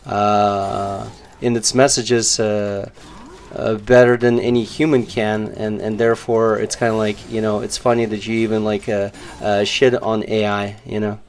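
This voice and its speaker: A man's voice: on the low side, little pitch movement, measured pace, slight background noise. A man streaming a game, chatting casually and sarcastically, rambling with lots of fillers. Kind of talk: casual live-stream chat.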